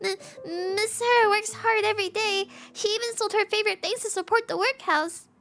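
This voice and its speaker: A woman's voice: extremely high pitch, fairly even intonation, moderate pace, a bit bright, voice pushed up. A woman putting on the voice of a theatrical woman who runs a workhouse, pleading in an exaggerated way.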